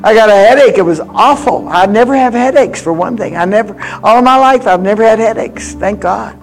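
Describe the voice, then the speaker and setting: A woman in her eighties preaching a sermon with personal stories, swinging from loud exhortation to hushed confiding. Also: medium pitch, fairly quick, faint music behind. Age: 80s.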